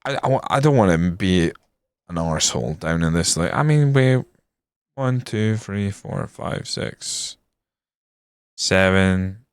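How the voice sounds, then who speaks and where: A man's voice: sits low, animated, unhurried, clean tone, no echo, clean studio sound. A young man streaming a football management game, grumbling and swearing casually as he comments on his matches. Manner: frustrated, grumbling, swears often.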